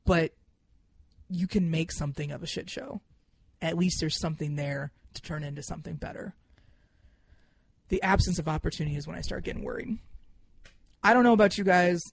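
A young man hosting a podcast in a casual monologue, emphatic and heartfelt, swearing freely and swinging into excited bursts. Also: on the high side, vocal fry. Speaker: podcast host.

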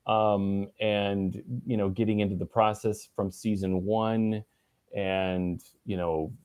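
A man answering interview questions in a relaxed, halting way, with many restarts and fillers. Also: on the low side, clear, resonant tone, no room sound, highs cut off. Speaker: guest. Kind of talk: casual interview conversation.

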